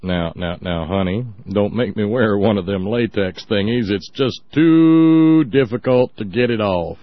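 A man's voice: fairly low pitch, measured pace, no room sound, natural voice. A man voicing a wheedling, folksy husband who pleads with his wife in bed, on a dull, lo-fi recording. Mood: coaxing.

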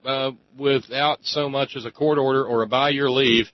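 A man's voice: medium pitch, fairly even intonation, dry recording. Talk radio host guy, emphatic, lots of ums and uhs, dry slightly dull studio sound. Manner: emphatic, drawn-out phrasing with many fillers. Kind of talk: talk radio monologue and call-in chat.

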